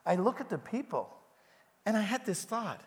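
High-voiced male preacher in a reverberant church. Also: normal speed. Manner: energetic preaching, addressing the congregation directly. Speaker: pastor. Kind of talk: sermon. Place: large church with a balcony.

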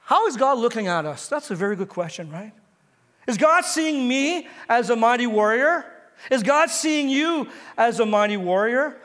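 A man's voice: extremely high pitch, lively intonation, normal speed, fairly bright tone, big-room sound. A male pastor preaching a sermon, retelling a story and asking his listeners questions, building toward emphatic exhortation. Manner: storytelling, asks the congregation questions. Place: church sanctuary.

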